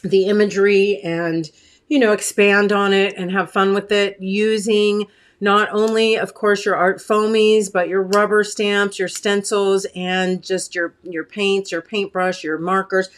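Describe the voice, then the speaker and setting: A woman's voice: medium pitch, little pitch movement, a little slow. A woman hosting a casual live craft stream, chatting with viewers and reading comments, with a catch in her throat. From United States. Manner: chatty, warm asides to viewers, many fillers. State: clearing her throat often.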